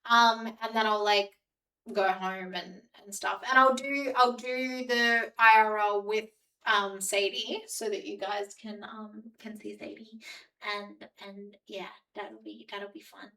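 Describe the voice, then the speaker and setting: A woman's voice: medium pitch, steady tone, a little slow, sharp tone, far from the mic, low-quality recording. A woman with an Australian accent, chatting casually with her live-stream audience and rambling with lots of "like". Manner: chatty, rambling, heavy use of "like".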